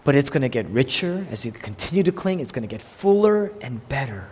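A man preaching a sermon, delivering it in an animated way and voicing the people he quotes. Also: mid-range voice, a little fast, husky. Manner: animated preaching, quotes figures in voiced asides. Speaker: pastor. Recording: long hall reverb.

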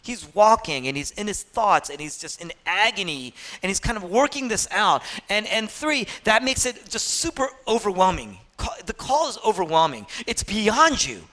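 A male pastor preaching an impassioned sermon, swinging between loud, urgent passages and hushed, quiet ones. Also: high voice, sing-song, normal speed, few pauses.

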